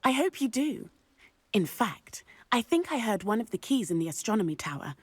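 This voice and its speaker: A chatty young schoolgirl in a video game, eager to pass on a rumour. Her voice swoops lively up and down in pitch. The recording is dry and close. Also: moderate pace, slightly rough, dry recording. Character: cheerful young female student at a magic school.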